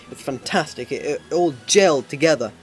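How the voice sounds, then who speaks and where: Male gamer, somewhat high voice, halting, self-deprecating live commentary over faint game music. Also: expressive. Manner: rambling, hesitant, many ums and restarts. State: voice starting to hurt. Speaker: let's play commentator.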